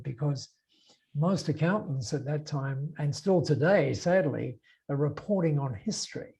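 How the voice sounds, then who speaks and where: An older Australian man speaks as a guest on a podcast, his voice gravelly with a husky edge and a dark, mellow color. He tells his story in an animated way, stumbling over filler words and restarting his sentences as he acts out the conversations. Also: on the high side, low-quality recording. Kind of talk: storytelling interview.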